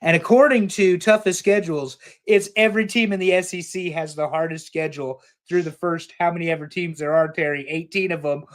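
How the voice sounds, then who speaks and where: Male co-host, a bit higher-pitched, opinionated, jokey, swears freely in casual sports banter. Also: steady tone, fairly quick, few pauses. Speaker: podcast co-host.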